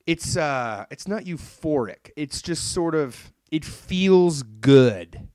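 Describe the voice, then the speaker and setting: A man hosting a casual podcast, retelling an anime plot in an animated, rambling way and swearing freely. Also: on the high side, slow pace, no echo. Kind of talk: casual chat reviewing an anime.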